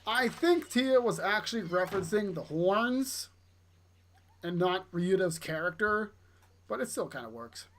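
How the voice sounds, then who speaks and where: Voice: mid-range voice, very animated, measured pace, a bit bright. A game streamer making casual, wry asides during play. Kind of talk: casual gameplay commentary.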